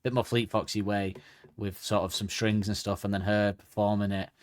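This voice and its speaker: Casting note: male co-host, lowish voice, loose rambling podcast chat. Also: level tone, normal speed. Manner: chatty, rambling, hedging asides. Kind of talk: casual music podcast chat.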